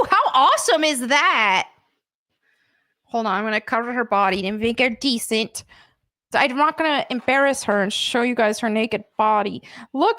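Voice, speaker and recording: An American woman streaming live from home, chatting excitedly as she unboxes collectible figures at her desk mic. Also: on the high side. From United States. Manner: excitable and gushing, with gasps and laughs.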